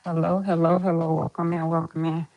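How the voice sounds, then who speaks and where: A woman's voice: low-pitched, little pitch movement, brisk, highs cut off. A woman hosting a casual live stream, chatty and greeting viewers over and over. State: out of breath.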